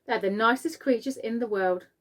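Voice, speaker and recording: Eager storybook boy, bright and friendly, read by a woman. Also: on the high side, normal speed, close to an everyday voice. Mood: reciting. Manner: eager, reassuring. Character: cheerful friendly small boy.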